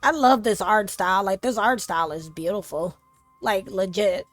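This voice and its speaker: A woman's voice: mid-range voice, moderate pace, dry recording, faint music behind. A woman streamer giving live commentary over a game, with bubbly, giggly, slangy reactions on a close mic.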